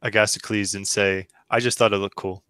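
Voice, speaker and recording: Low, bright-toned man, close and dry. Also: little pitch movement, a little fast, smooth, no echo. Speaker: podcast co-host. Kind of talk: casual chat.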